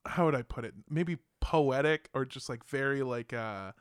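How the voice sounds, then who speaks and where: An American man hosting a podcast, casual and joking, swearing freely and bursting into loud impressions. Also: medium pitch, moderate pace, smooth, dry recording, clean studio sound. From United States. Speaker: podcast host. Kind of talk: casual chat.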